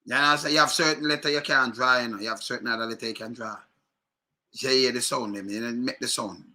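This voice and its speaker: A man's voice: medium pitch, bright, forceful tone. A man with a Jamaican accent giving emphatic, repetitive commentary on video clips in casual patois.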